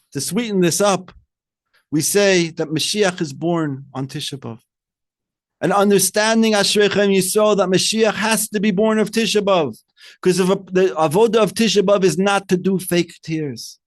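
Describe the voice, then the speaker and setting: A rabbi giving a Torah talk, asking rhetorical questions and weaving in Hebrew terms, swinging between soft and loud emphasis. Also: male voice, high-pitched, measured pace.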